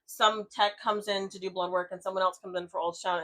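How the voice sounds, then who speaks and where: A woman's voice: medium pitch, little pitch movement, quick pace, a bit bright. A woman co-hosting a podcast, telling a personal story in a rambling, casual way with lots of fillers and swearing. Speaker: podcast co-host.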